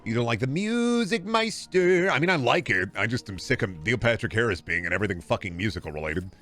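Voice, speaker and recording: A man's voice: medium pitch, very animated, fast talker, a bit bright. A man chatting casually and swearing freely as he streams a game, rambling from one joke to the next. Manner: rambling, profane, jokey.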